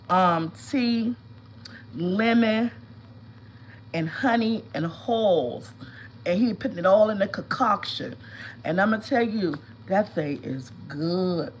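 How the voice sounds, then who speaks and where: A woman in her fifties, nose stuffed up from a cold, rambles through a story on a casual home live stream. Her voice sits at a middling pitch and her talk is loose, chatty and storytelling. Faint background hiss runs underneath. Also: low-quality recording. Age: 50s. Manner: chatty storytelling, greeting viewers by name. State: congested with a cold, sniffling. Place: at home, lying down.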